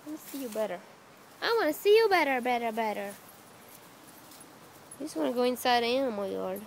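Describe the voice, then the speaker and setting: A woman with a high, bright voice coos at her dog and rabbit in playful baby talk. Her pitch leaps and dips in a lively, sing-song way as she coaxes them with short questions. She records on a phone outdoors in a back yard. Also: fairly quick, slight background noise. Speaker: pet owner filming her dog and rabbit. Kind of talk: casual baby talk to pets. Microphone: phone camera held while filming.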